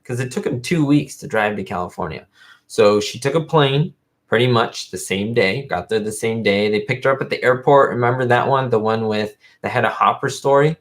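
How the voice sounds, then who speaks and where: A man hosting his own livestream, talking casually and a bit rambling, with plenty of fillers. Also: medium pitch. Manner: rambling, fan-like, lots of fillers. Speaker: YouTube host.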